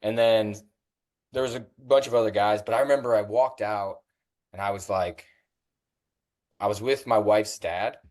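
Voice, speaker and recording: A middle-aged man, a fitness coach, telling stories as a guest in a casual interview, animated and jumping in pitch when he acts out what people said. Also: normal speed, long pauses. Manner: animated, acts out quoted voices with big pitch jumps.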